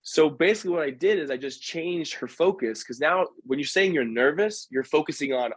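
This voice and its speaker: A man telling stories as a podcast guest, talking casually and quickly correcting himself. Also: a little high, husky, dry recording. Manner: animated, acts out quoted voices, quick self-corrections. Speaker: guest, professional dancer. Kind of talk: casual storytelling in a podcast conversation.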